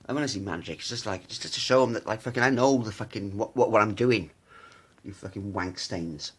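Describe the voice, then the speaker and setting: A man's voice: fairly low pitch, fast talker, slightly rough. A man ranting to camera in a rambling, profane, sneering way. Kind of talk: casual rant to camera.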